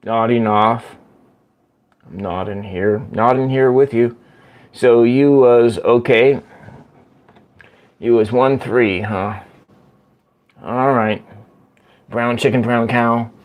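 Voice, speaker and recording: A man hosting a casual livestream from home, chatting slowly and rambling as he answers viewer comments. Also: mid-range voice, muffled recording. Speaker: livestream host. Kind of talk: casual live-stream chat with viewers. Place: at home by a window.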